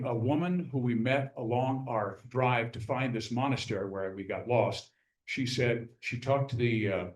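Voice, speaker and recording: Animated man telling a travel story. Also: mid-range voice, reverberant, rough recording. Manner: animated storyteller, acts out quoted people. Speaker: guest speaker, author. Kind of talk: casual storytelling talk.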